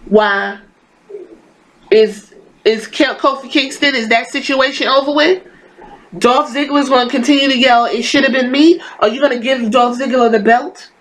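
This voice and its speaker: A woman's voice: fairly high pitch, a little hiss or hum, rough recording. Blunt, profane woman ranting as host. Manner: blunt, profane, exasperated and sarcastic. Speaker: podcast host. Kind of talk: casual wrestling review rant.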